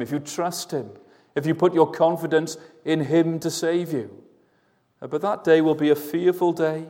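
A man preaching a slow, earnest evening sermon with a mellow, dark tone. His voice carries a long church reverb. He asks his listeners questions as he goes. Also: a little high.

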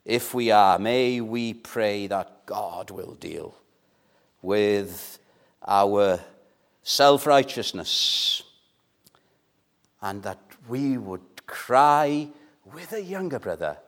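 Slow, earnest male preacher. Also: lowish voice, expressive. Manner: measured, earnest, with pleading emphasis and questions to the congregation. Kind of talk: sermon.

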